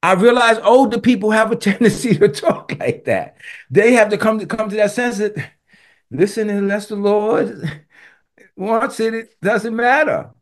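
A man's voice: high-pitched, unhurried. A man in his sixties giving an emphatic devotional talk, repeating himself and addressing listeners directly. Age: 60s. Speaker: preacher.

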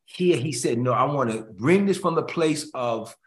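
An older man, a pastor, preaching an emotional sermon that swings between hushed tones and loud emphasis. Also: mid-range voice, expressive, normal speed, hardly any pauses. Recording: echoey room.

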